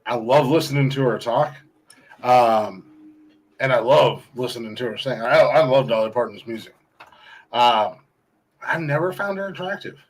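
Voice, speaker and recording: A man's voice: medium pitch, moderate pace, long pauses, low-quality recording. A man from Ohio hosting a podcast in casual, crude, rambling chat, laughing often. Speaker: podcast host.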